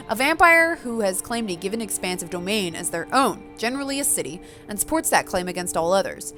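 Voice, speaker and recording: A woman's voice: mid-range voice, very animated, fairly quick, bright, forceful tone, soft background music. A woman playing a story game, reading it aloud and chatting casually, with a self-mocking manner. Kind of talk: casual game playthrough with read-aloud narration.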